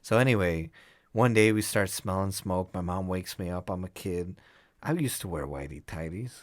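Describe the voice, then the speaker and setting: A man's voice: sits low, moderate pace, dry recording. A young man co-hosting a casual podcast, telling a long story with lots of fillers and laughs. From Chicago area. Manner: rambling, many fillers, laughs through stories. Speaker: podcast co-host.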